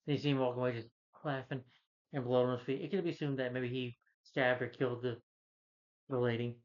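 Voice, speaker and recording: A man's voice: mid-range voice, fairly even intonation, fast, muffled recording. A man casually recapping a film plot in a rambling, filler-heavy way, as a movie reviewer talking to his viewers.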